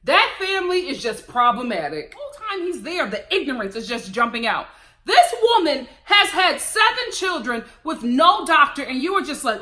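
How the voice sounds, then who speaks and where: A woman's voice: high-pitched, normal speed. A woman giving a casual reality-TV review as a vlogger, talking in a sassy, opinionated way. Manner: sassy, animated, opinionated ranting with laughs. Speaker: TV recap vlogger.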